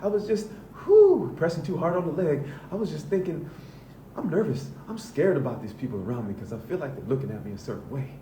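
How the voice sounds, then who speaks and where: A man's voice: on the high side, sing-song, fairly quick, mellow, roomy sound, slight background noise, pitched above the performer's own voice. A man voicing his own judgment as a scared, nervous inner voice, talking anxiously and breathlessly.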